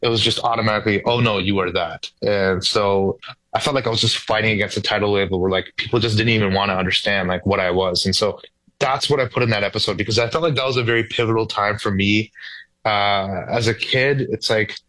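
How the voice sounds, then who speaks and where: Low-voiced man chatting casually. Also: fast, no room sound, poor audio. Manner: relaxed, frequent "like" fillers, playful quoted asides. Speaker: guest comedian. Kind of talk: casual interview chat.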